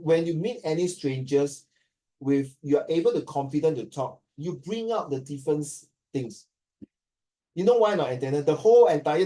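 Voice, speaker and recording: Singaporean man teaching from a distance. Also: a little high. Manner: animated, code-switching, acting out quoted dialogue. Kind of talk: classroom talk to students.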